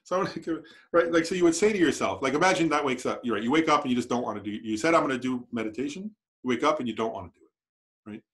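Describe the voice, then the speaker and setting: A man's voice: mid-range voice, racing, fairly bright tone. A man teaching a Buddhist class at a meditation center in a conversational way, often checking in with "right?". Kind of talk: dharma class lecture.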